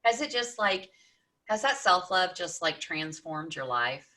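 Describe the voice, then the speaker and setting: A woman's voice: lowish voice, lively intonation, a little slow, sharp tone. A woman hosting a casual podcast interview, chatty and encouraging toward her guest. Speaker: podcast host.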